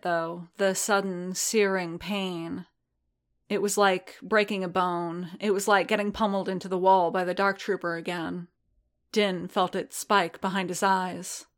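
A woman reads a story aloud in a steady, measured way. Her voice sits on the lower side and she takes her time, unhurried. Each sentence is given space. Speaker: reader. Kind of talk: reading fan fiction aloud.

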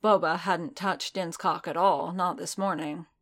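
Low-voiced woman narrating a story. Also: fairly even intonation, measured pace. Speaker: audiobook narrator. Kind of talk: reading fan fiction aloud.

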